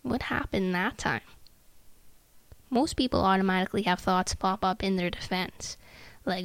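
A woman hosting a self-help podcast, speaking in a slow, measured and soothing way that sometimes sinks to a near-whisper. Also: medium pitch, clean tone, dry recording. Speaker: podcast host.

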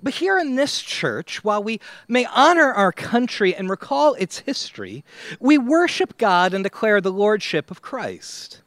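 A man preaching a sermon to his church, slow and dramatic, with long pauses and swings between loud and quiet. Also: sits high, sing-song, dry recording, studio quality. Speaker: pastor.

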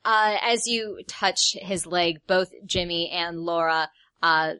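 A woman narrating as game master of a tabletop horror game, pausing often with fillers. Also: on the low side, sharp tone, clean tone. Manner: hesitant, many fillers.

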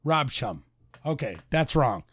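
A man's voice: medium pitch, sing-song, takes it slowly, a bit bright, breathy edge, dry recording. A man co-hosting a podcast in casual chat, joking crudely and rambling as he runs a movie trivia quiz.

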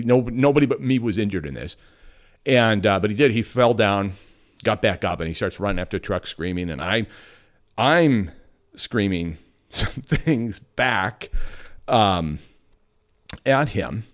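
Animated storytelling man in his fifties. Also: fairly low pitch. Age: 50s. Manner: animated, laughing, acting out quotes. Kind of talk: personal storytelling.

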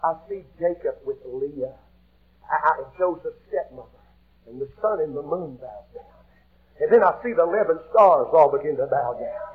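A man preaching a sermon, retelling a story with impassioned shouts and quiet, hushed passages. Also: fairly high pitch, husky. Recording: muffled lo-fi recording with faint hiss.

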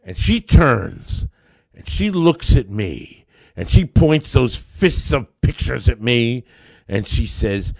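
Animated male lawyer telling a story. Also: medium pitch, slow pace, vocal fry, dry recording, clean studio sound. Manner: animated, builds up excitement in anecdotes. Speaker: podcast host, lawyer. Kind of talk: casual storytelling.

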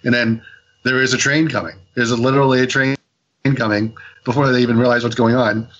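A man co-hosting a podcast, recapping a story in a rambling casual way, full of fillers and quick lively voices for the people he quotes. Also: medium pitch, lo-fi sound. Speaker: podcast co-host reviewing comics. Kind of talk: casual chat.

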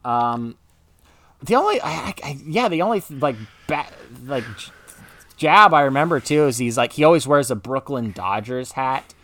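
A man's voice: medium pitch, expressive, normal speed, a bit bright. A man co-hosting a podcast, chatting casually in a rambling way with lots of filler words. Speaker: podcast co-host. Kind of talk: casual chat.

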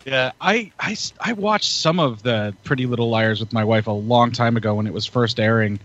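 A man's voice: medium pitch, normal speed, a bit bright. A man chatting casually as a podcast co-host, hyped up and laughing often. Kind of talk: casual chat. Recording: muffled lo-fi audio.

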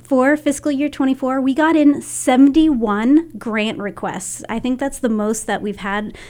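A woman's voice: high voice, steady tone, measured pace, darkish tone. A woman on a local radio talk show, a cultural council member explaining figures step by step and laughing easily.

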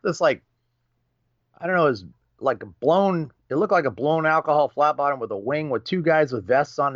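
Animated storytelling man, muffled dry audio. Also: fairly high pitch, moderate pace, long pauses, dry recording. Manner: lively, acts out quoted voices, swears casually. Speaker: podcast guest.

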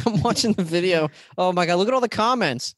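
A man co-hosting a casual podcast chat, throwing in quick jokes. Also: high-pitched, dry recording. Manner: quick joking interjections. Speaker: podcast co-host.

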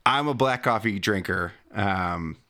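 A man hosting a podcast, firing off quick questions and teasing his guest in casual chat. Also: lowish voice, pushed and bright. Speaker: podcast host.

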